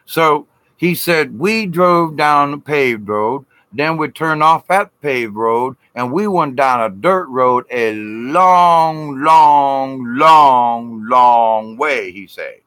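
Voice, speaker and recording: A man with a Southern US drawl tells a ghost story in a loose, rambling way. He keeps saying "he said" and drags out words for suspense. His voice is bright and forward, and it is recorded close and dry with no room echo. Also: a little high, expressive. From Southern United States. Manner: rambling, repeats "he said", drawn-out dramatic pauses. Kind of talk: casual spoken ghost story.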